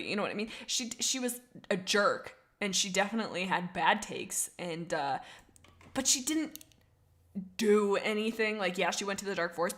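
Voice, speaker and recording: A young woman in casual livestream chat, thinking out loud and answering her chat. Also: mid-range voice. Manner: chatty, reads chat messages aloud, thinks out loud. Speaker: streamer.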